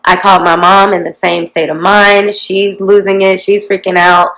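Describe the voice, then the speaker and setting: A woman's voice: mid-range voice, flat delivery, moderate pace, a bit bright, low-quality recording. A woman in her forties telling her life story to her viewers in a chatty, confiding way, often talking straight to them. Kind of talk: casual storytelling to camera.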